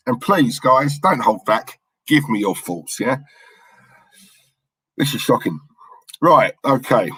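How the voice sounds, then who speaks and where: Husky man hosting a watchalong. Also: medium pitch, a bit bright, no echo, rough recording. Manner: chatty, banters with viewers, reads out names and lineups. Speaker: football watchalong host. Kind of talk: casual live-stream chat.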